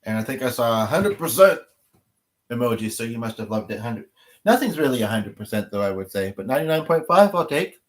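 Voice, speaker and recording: A man's voice: medium pitch, very animated, a little fast. A man hosting a livestream, chatting casually with viewers, rambling and thinking aloud as he goes. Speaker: livestream host.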